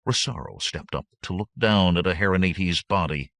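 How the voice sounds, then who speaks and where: A man's voice: sits low, moderate pace, vocal fry, fairly bright tone, dry recording, studio quality. A man narrating an adventure audiobook in a dramatic, vivid manner. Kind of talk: scripted narration.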